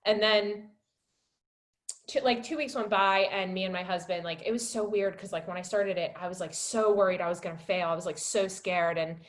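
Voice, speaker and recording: A wellness coach in her twenties tells her personal story on a webinar, emotional and heavy with fillers, in a steady tone at normal speed. When she relives certain moments, her voice rises high and loud.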